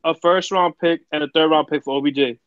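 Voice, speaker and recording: A man's voice: on the high side, fairly even intonation, brisk, fairly bright tone, clean tone, dry recording. A man co-hosting a live sports podcast, talking in a casual, slangy and stunned way. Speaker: podcast co-host. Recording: dull, dry lo-fi mic.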